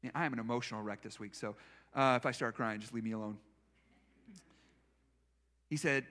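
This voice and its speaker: A man's voice: mid-range voice, a little fast, long pauses, a bit bright. A male pastor preaching a sermon in a church, telling personal stories in a conversational, self-deprecating way. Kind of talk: storytelling sermon.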